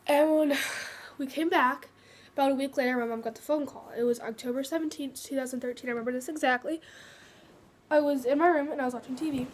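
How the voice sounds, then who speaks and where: Casting note: teenage girl with a high voice, halting personal vlog talk. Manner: hesitant, many fillers and restarts. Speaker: vlogger sharing her cancer story. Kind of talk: casual personal storytelling.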